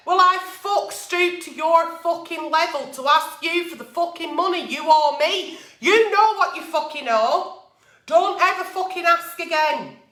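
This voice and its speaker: Woman, advice vlogger, swears constantly, fired up, high pitch, roomy echo. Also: fairly bright tone. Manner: blunt, heavily profane, fired up. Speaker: advice vlogger answering letters. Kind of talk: casual advice rant. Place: at a table at home. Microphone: camera mic.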